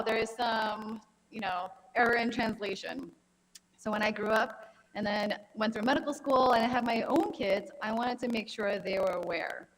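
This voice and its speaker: Woman oncologist in her thirties, fairly high voice, friendly lecture with stories, long hall reverb. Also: a little hiss or hum. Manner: friendly, anecdotal, conversational lecturing. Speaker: gynecologic oncologist giving a talk. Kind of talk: health conference presentation. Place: conference hall.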